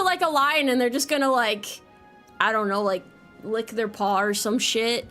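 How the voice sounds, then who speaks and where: A woman's voice: on the high side, sharp tone, soft background music. Joking, swearing woman streamer. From United States. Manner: joking, rambling, swears freely, quick laughs. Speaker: VTuber streamer. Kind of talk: casual livestream chat.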